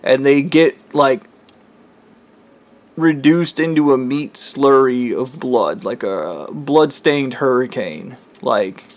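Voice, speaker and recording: Man, casual vlog talk, rambling, lots of filler words, swears, mid-pitched voice. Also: takes it slowly. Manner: rambling with constant "like" fillers and profanity. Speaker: vlogger. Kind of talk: casual dream retelling.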